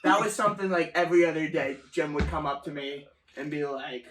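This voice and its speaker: A man's voice: on the high side, fairly quick, background noise. A young man telling work stories in casual chat, swearing often and laughing as he goes. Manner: profane, animated storytelling with laughter. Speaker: storyteller guest. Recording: echoey room, mic at a distance.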